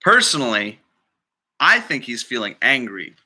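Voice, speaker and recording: A man's voice: mid-range voice, big pitch swings, a little slow, sharp tone. A man working as a librarian, reading a picture book aloud to children in a chatty way and asking listeners questions.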